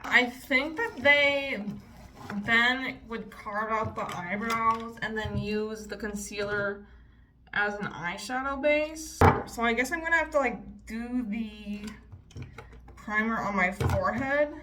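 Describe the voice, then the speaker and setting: A woman's voice: fairly high pitch, a little slow, noisy background. A woman in her twenties chatting casually and swearing freely while doing her makeup for a beauty vlog. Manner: chatty, profane, storytelling. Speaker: beauty vlogger. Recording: voice a bit distant from the mic.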